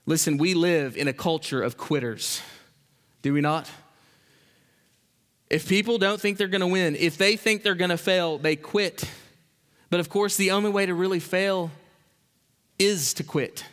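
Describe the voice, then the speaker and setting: A man preaching a sermon as a pastor, impassioned, swinging between loud exhortation and quiet emphasis. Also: sits high, unhurried, long pauses. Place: church sanctuary. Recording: long hall reverb.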